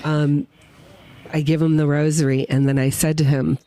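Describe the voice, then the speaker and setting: Speaking at a normal speed in a voice that sits low, this woman is a guest witness on a podcast set at a winery. She recounts a personal story with real emotion, animatedly acting out the quotes of the people involved.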